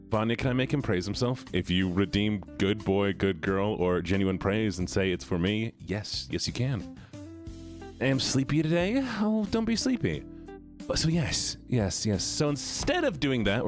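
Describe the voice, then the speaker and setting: A man streaming, chatting casually and playfully greeting his chat by name. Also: on the low side. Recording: faint background music. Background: faint music.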